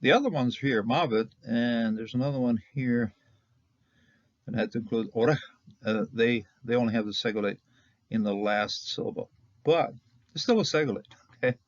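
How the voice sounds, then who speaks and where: A man's voice: medium pitch, normal speed, long pauses, no echo, dull audio. A man teaching Hebrew grammar in an informal lecture, chatty, often chuckling and checking in with "okay?".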